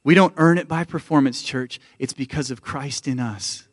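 Emphatic Canadian pastor preaching. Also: male voice, medium pitch, moderate pace, no echo, clean studio sound. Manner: emphatic, calls out to the church. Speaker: lead pastor. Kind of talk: sermon.

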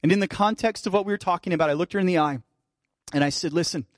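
Pastor preaching, slightly high dry voice. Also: male voice, fast talker, no echo. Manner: preaching with rising fervor, then dropping to soft intimate tones. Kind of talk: sermon.

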